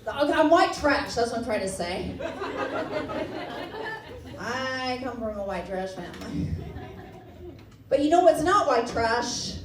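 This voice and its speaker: A woman from Texas doing a stand-up comedy set, animated and self-mocking, breaking into laughter. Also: on the high side, a little slow, pauses often, noisy background. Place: comedy club stage before a laughing audience. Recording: roomy club sound, distant mic, loud crowd.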